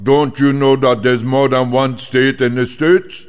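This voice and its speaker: A man's voice: medium pitch, flat delivery, measured pace, smooth, natural voice. A man voicing a big, burly island man who talks in a blunt, bullying way in a comic monologue. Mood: threatening. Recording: long hall reverb.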